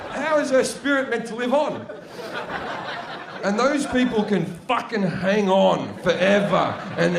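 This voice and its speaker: A man with an Australian accent doing a brash, profane stand-up comedy set, chatty and full of tag questions, live on stage at a comedy venue. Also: high-pitched. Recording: echoey noisy live room.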